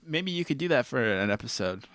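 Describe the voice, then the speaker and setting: Podcast host, male, lively playful delivery, dry close sound. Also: medium pitch, a little fast, dry recording. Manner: playful, laughs often, animated. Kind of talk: casual chat.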